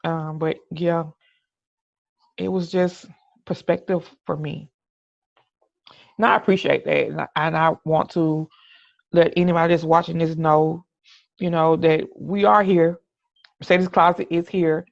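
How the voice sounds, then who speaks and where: Gravelly middle-aged podcast host. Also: medium pitch, little pitch movement, a little slow, long pauses, no room sound. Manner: earnest, with restarts and "you know what I'm saying". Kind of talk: candid personal monologue. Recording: dull, dry lo-fi recording.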